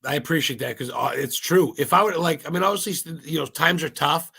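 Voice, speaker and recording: A man from Maine, a podcast guest, talking in a rambling, excitable way and swearing freely. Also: a little high, brisk, creaky, husky. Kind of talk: casual interview chat.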